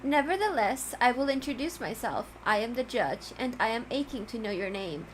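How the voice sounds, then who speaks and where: A woman's voice: fairly high pitch, animated, normal speed, slight background noise, natural voice, low-quality recording. A woman reading the lines of a pompous, verbose male cat with formal, flowery speech, in a game. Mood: grandiloquent.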